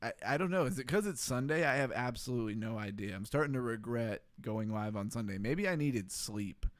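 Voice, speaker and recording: A man of middle pitch hosts a relaxed livestream. He laughs a lot and reads comments from his chat out loud. His voice sounds close and dry, with no room around it. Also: a little fast, no echo. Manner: laughing often, reading chat aloud. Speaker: livestream host.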